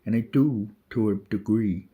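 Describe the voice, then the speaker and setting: A man's voice: fairly low pitch, unhurried, slightly rough. A man delivering a rambling, urgent spiritual monologue to camera, full of swearing and restarts. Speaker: vlogger. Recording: dull lo-fi audio.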